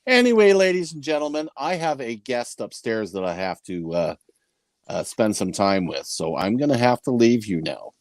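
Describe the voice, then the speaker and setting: A man's voice: medium pitch, very animated, moderate pace, no echo. A man from New Mexico co-hosting a casual video call chat, joking and easygoing.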